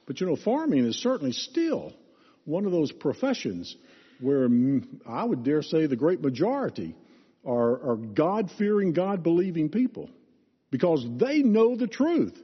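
Lively, breathy preacher in an echoing hall. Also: male voice, on the high side, moderate pace. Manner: expressive, emphatic teaching. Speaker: pastor. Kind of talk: sermon. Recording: reverberant hall, dull lo-fi sound.

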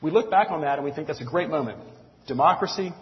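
A man's voice: on the high side, animated, quick pace. Man preaching in a reverberant hall. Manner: conversational preaching with frequent ums and asides. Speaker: pastor. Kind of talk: sermon. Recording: dull sound with long hall reverb.

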